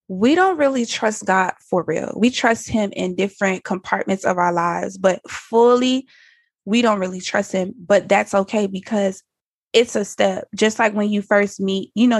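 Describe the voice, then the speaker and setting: A woman's voice: mid-range voice, dry recording, clean studio sound. A woman guest on a faith podcast, talking earnestly in a casual, slangy way. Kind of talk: casual chat.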